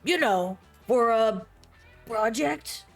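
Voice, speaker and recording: A woman's voice: on the high side, animated, slow pace, soft background music, exaggerated voice. Woman doing a pushy, wheedling fish. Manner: wheedling, nagging. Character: pushy tooth-hungry fish, male.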